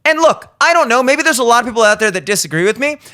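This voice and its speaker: A man's voice: very high-pitched, animated, rapid-fire, sharp tone. A man in his thirties hosting a podcast, giving blunt, profane opinion commentary and acting out the people he quotes. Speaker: podcast host. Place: studio.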